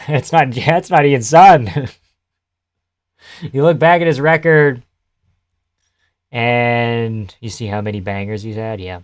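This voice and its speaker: On a live stream, a young man chats loosely with his viewers in a voice of ordinary middle pitch. He takes his time and pauses often, laughing a lot, swearing freely, and answering chat in between his remarks.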